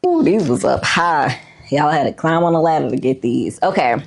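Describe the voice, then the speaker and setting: A woman's voice: sits low, lively intonation, moderate pace, breathy edge. A woman vlogger chatting casually about her book collection, laid-back and chatty, with lots of fillers and a "y'all" here and there. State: a bit out of breath. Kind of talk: casual show-and-tell chat.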